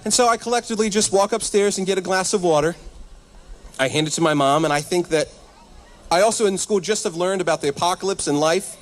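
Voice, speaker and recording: A man in his thirties doing stand-up comedy at a live church event, animated and self-deprecating, talking straight to the crowd. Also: high-pitched, fast. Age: 30s.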